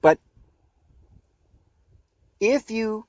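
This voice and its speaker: A man hosting a podcast, giving an earnest, preachy spiritual talk, often halting and repeating words. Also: sits high, animated, darkish tone, no room sound. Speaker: podcast host. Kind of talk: spiritual teaching monologue.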